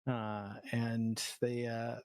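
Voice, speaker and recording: A man co-hosting a podcast, adding wry comments to a film recap and trailing off into quiet asides. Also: mid-range voice, flat delivery, drawn-out words, vocal fry, no echo. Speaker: podcast co-host. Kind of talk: casual film discussion.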